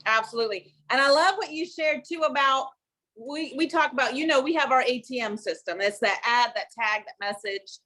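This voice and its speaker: A woman's voice: high-pitched, normal speed, sharp tone. A woman hosting a live stream, enthusiastic and asking her audience questions. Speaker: host.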